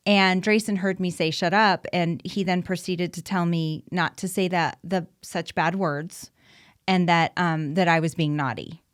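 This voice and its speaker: Chatty mom podcaster, smooth dry voice. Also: female voice, lowish voice, steady tone, measured pace, no echo. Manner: chatty and candid, frequent ums and restarts. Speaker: podcast host, mother of an autistic son. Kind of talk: casual solo podcast talk.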